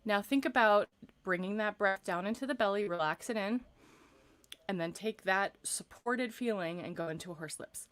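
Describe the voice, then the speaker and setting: A young adult woman vocal coach leading a live-streamed vocal warm-up from a paneled room at home, chatty and encouraging between exercises. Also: mid-range voice, moderate pace. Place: room with acoustic paneling, windows closed.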